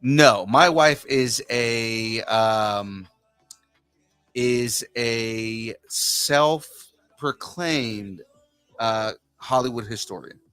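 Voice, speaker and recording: A man's voice: medium pitch, very slow, fairly bright tone, smooth. A man hosting a podcast interview, talking casually and hesitantly, often restarting his sentences. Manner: hesitant, many fillers and restarts. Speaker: podcast host.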